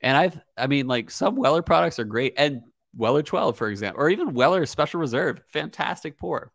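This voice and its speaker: A man co-hosting a podcast, talking in a relaxed, hesitant way. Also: a little high, brisk, vocal fry, no room sound, studio quality. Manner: relaxed, hesitant, lots of fillers. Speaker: podcast co-host. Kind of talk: casual chat.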